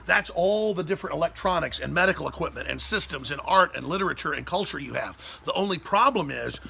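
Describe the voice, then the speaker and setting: A man with a Texan accent hosts a talk show, ranting in a fiery, emphatic monologue. His voice is gravelly and husky. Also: fairly high pitch, pushed and bright. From Texas. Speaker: host.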